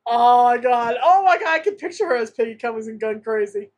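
A woman's voice: fairly high pitch, fairly quick, dull audio. A woman co-hosting a casual podcast chat about an old sitcom, laughing often and joking. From Massachusetts. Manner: laughs often, animated, jokey. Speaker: podcast co-host.

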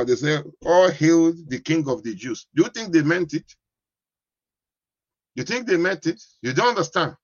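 A pastor preaches in a slightly raised, husky voice. He keeps circling back to the same questions and asks whether the congregation understands. The recording is dry and a little dull. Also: fairly high pitch, no room sound. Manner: repetitive, keeps asking "you understand?". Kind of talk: sermon.

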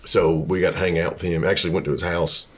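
A man who is a touring rock singer and guitarist, guest on a casual chat, telling relaxed anecdotes. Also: low voice, quick pace, breathy edge.

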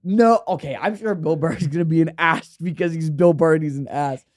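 A man's voice: a little high, a little fast, darkish tone, no echo, clean studio sound. A young American man in his twenties co-hosting a podcast, talking in a rambling, self-correcting way and laughing often. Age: 20s. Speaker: podcast co-host. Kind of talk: casual chat.

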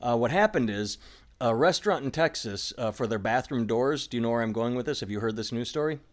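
A middle-aged man hosts a casual comedy podcast. He rambles through stories with plenty of animation and drops into quick put-on voices for the people in them. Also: mid-range voice. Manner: rambling, animated storytelling with sudden voiced impressions. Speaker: podcast host.

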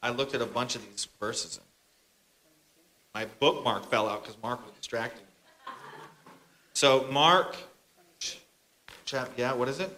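Bright-voiced male pastor telling a story. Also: medium pitch, measured pace, pauses often. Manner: casual, chatty, bantering with the congregation. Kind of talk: storytelling sermon.

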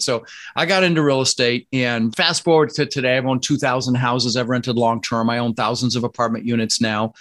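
A man from the Netherlands, a podcast guest, talking in a casual interview with energetic, emphatic delivery. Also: fast talker. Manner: energetic, emphatic, jumps up in pitch when excited. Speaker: podcast guest, real estate investor.

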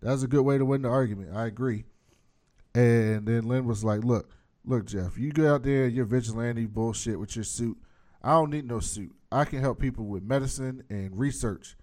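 A man's voice: mid-range voice, normal speed, a little mellow. A man in casual chat, recapping a TV episode and acting out the characters' lines with energy.

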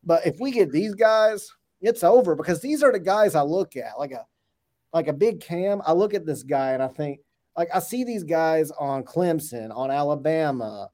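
This is a man on a casual sports podcast, his voice sitting a little high. He gets worked up and fires off playful trash talk in quick bursts. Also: lively intonation, a little mellow. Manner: hyped, joking trash talk, rapid bursts. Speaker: podcast co-host. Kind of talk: excited sports podcast chat.

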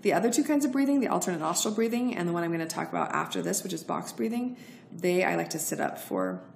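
Gravelly-voiced woman coaching breathwork. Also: lowish voice, big pitch swings, quick pace, a little mellow, a little hiss or hum. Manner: chatty, encouraging, addresses listeners directly. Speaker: podcast host. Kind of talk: casual instructional talk.

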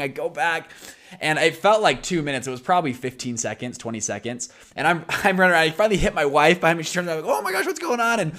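A young man hosts his own podcast, talking casually and animatedly. His voice is raspy and scratchy from a sore throat. He tells stories in a loose, rambling way, with many restarts. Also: mid-range voice, fairly bright tone. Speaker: podcast host. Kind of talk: casual storytelling monologue.

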